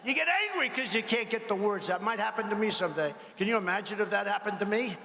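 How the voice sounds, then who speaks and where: Speaking fast and expressively in a high-pitched voice, a politician delivers a meandering campaign rally address in a large arena. He mocks his rivals and asks the crowd to agree, and the echoing hall carries faint crowd noise.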